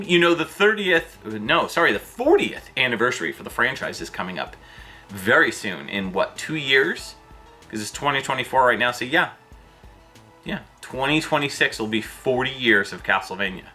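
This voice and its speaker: A man hosting a gaming video, ranting loosely and in exasperation, with sudden jumps up in pitch. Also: sing-song, moderate pace, pushed and bright, soft background music. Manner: loose, with fillers and restarts. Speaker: video host. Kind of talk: ranting commentary vlog.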